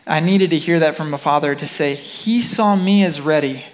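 A man's voice: on the high side, normal speed, long reverb tail. Earnest young man sharing a testimony. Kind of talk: personal testimony talk.

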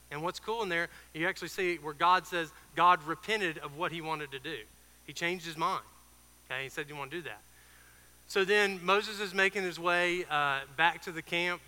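A man preaching an informal sermon, retelling a Bible story in a conversational way with fillers and quick asides. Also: on the high side, bright, forceful tone, big-room sound.

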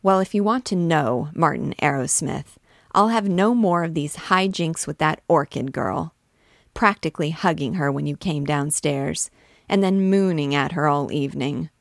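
A woman's voice: sits low, moderate pace, vocal fry, no room sound, clean studio sound. Female reader as young wife, plain-spoken, scolding, audiobook. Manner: blunt, scolding.

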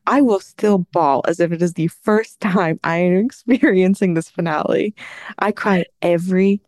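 A woman's voice: fairly low pitch, moderate pace, a little mellow, no room sound, studio quality. A woman co-hosting a podcast in casual chat, frank and wry, swearing offhandedly. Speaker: podcast co-host.

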